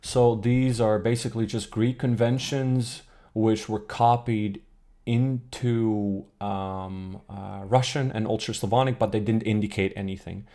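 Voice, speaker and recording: A lowish, warm, steady voice at a slightly slow pace belongs to a man streaming an explanatory lesson on an old alphabet book. He thinks through ideas aloud, corrects himself mid-sentence, and takes questions from chat.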